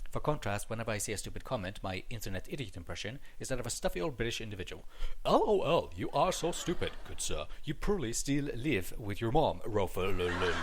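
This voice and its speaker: Fast, wry young man doing stand-up. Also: on the low side, a little hiss or hum. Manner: wry, animated, joking. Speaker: comedian. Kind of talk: scripted stand-up comedy monologue. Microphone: headset mic.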